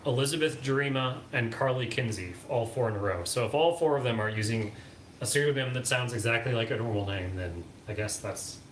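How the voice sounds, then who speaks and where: A man's voice: medium pitch, brisk. A man co-hosting a home livestream, chatting casually in a dry, wry way and reading out viewer comments. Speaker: livestream co-host reading chat. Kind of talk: casual chat. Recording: echoey room with clear background noise.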